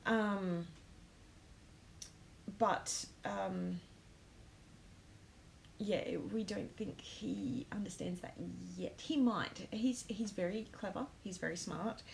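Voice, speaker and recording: A woman's voice: mid-range voice, takes it slowly, vocal fry, pauses often, slight background noise, low-quality recording. A woman hosting a live stream, chatting casually with viewers, full of ums and close to tears. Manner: emotional, many ums, talks to comments. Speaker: host of a planner live stream.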